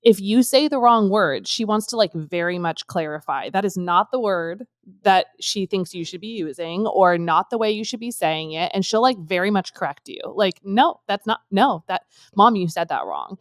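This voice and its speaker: A woman in her thirties co-hosting a casual faith podcast, thoughtful and full of "like", slowing down to stress her points. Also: mid-range voice, dry recording, clean studio sound. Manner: thoughtful, many "like" fillers, slows down on key points. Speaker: co-host.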